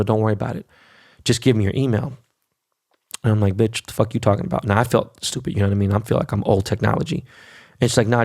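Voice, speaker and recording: Brash, swearing man with a gravelly voice. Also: lowish voice, a little mellow, dry recording, clean studio sound. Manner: brash, swears constantly, keeps asking "right?". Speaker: podcast host. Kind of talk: casual profane monologue. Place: New York.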